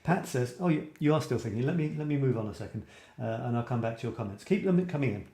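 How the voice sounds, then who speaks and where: A man's voice: mid-range voice, lively intonation, fast talker, warm tone. Chatty man reading comments. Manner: chatty, musing aloud, frequent fillers and restarts. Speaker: host of a photography live stream. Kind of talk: casual live-stream chat reading viewer comments. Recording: roomy echo.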